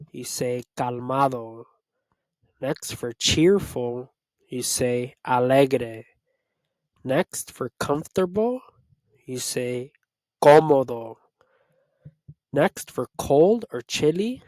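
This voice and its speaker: A man teaching Spanish, reading a vocabulary list and repeating each word slowly to drill it. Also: medium pitch, a little mellow, dry recording. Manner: slow, repetitive word-by-word drilling. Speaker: Spanish tutor. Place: Los Angeles area.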